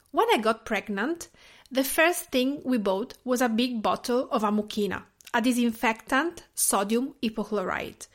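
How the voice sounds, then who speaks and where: A woman with an Italian accent narrates her podcast in a gentle, measured way. Her voice sits a little high. She reads from a script with a reflective calm. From Tuscany, Italy. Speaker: podcast host.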